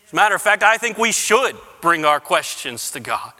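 A man's voice: sits high, very animated, a little fast, pushed and bright, big-room sound. A man preaching a sermon as pastor, repeating words as he builds, rising into passionate pleading. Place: church sanctuary.

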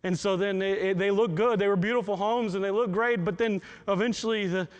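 A man's voice: high-pitched, steady tone, fairly quick, clear, resonant tone. A male pastor preaching a sermon in a heartfelt way, often stumbling and repeating words as he talks.

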